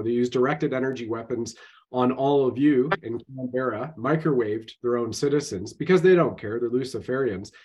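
A man hosting an online talk show, addressing the audience as folks and running through a quick recap of items. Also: mid-range voice, darkish tone, rough recording. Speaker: host.

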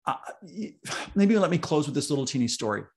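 Male podcast guest, coach type; earnest storyteller, gravelly texture. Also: on the high side, very animated, a little fast, a little mellow. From North America, East Coast. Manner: earnest, storytelling, emphatic repetition. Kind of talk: casual podcast conversation.

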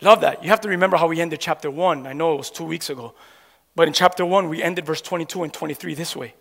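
Speaking fast in a gravelly, slightly bright voice on the high side, a pastor delivers his sermon in a church sanctuary with long hall reverb. He emphatically questions the congregation and waits for them to respond.

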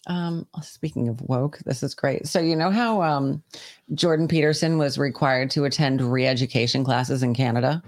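A woman's voice: very deep voice, moderate pace, a little mellow. A woman co-hosting a podcast, blunt and sarcastic, swearing freely. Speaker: podcast co-host. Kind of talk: casual chat.

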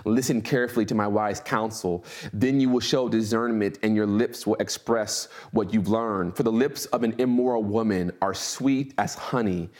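A young man preaching a sermon, reading scripture aloud and then commenting on it in casual slang, slowing down to stress words. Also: lowish voice, steady tone, a little mellow. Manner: slows and stresses words for emphasis.

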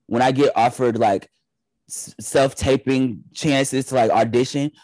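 A young man from the Detroit area chatting as a podcast guest, telling animated stories. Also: mid-range voice, unhurried, no room sound, poor audio. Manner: animated storyteller, acts out family voices. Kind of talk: casual chat.

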